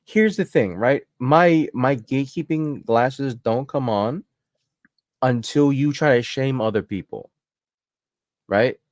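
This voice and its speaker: A man's voice: medium pitch, takes it slowly, no room sound, studio quality. A man co-hosting a podcast, ranting heatedly and profanely in casual chat. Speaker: podcast co-host.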